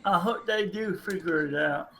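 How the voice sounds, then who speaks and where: A man's voice: high-pitched, normal speed, pushed and bright, rough recording. A man chatting casually with a friend over voice chat while they play a game together. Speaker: fellow player.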